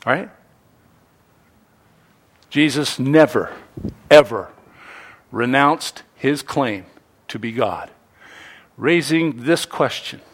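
A man preaching a sermon in an animated, playful way, acting out quotes and little scenes to make his point. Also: mid-range voice, very slow, pauses often.

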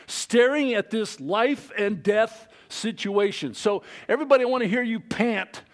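A man preaching a conversational sermon, shifting between loud, excited stretches and quiet, low asides. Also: normal speed. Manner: lively, conversational preaching with wide swings in pitch and loudness. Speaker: pastor.

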